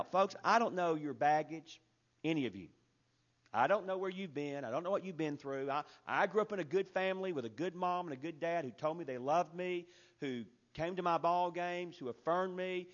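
A man preaching a sermon in an earnest, emphatic way that builds to loud peaks. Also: fairly high pitch, normal speed. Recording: dull lo-fi recording.

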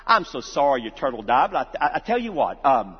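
A male preacher voicing a gentle father who coaxes his crying son, stammering softly, in a reverberant, dull-sounding hall. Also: mid-range voice, very animated, brisk, husky, pitched below the performer's own voice. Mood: coaxing. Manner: coaxing, stammering, hushed. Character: kind father consoling his young son.

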